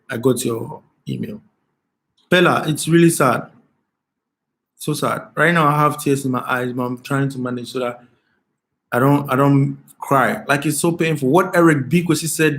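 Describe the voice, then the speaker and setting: A man speaks in a somewhat high voice, talking straight to viewers on a live stream. His delivery is impassioned and earnest, and he circles back to the same phrases again and again. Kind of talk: emotional live stream commentary.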